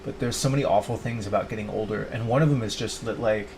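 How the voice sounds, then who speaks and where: A man's voice: fairly low pitch, quick pace, darkish tone, slight background noise. A middle-aged man talking to camera for his own channel. He rambles, full of "like" and restarts, and acts out quotes of his own past self. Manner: quotes himself in mock voices. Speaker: YouTuber. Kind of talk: rambling confessional monologue.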